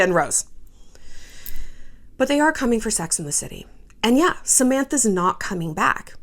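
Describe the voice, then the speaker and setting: Sassy, animated woman ranting. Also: a little high. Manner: profane, sassy, quotes people in mocking voices. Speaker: vlogger. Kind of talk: casual pop-culture rant.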